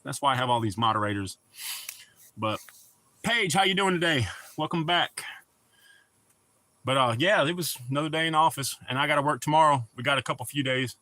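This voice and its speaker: Bright-voiced chatty livestream host man. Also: mid-range voice, a little fast, pauses often. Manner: laid-back, chatty, greets viewers by name. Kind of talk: casual livestream chat.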